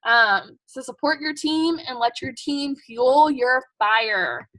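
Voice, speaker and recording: A young woman talks to her team in a casual, pushy pep-talk style, leaning on "like" and "um." Her voice sits high and bright. The recording is dry and close, with no room sound. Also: slow pace, dry recording. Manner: chatty, emphatic, says "like" and "um" a lot; blunt and pushy. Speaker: team leader at a sales kick-off meeting.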